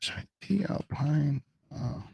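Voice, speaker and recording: A man giving a casual live software demo at a tech meetup, thinking aloud as he types commands. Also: a little high, animated, takes it slowly, vocal fry, husky.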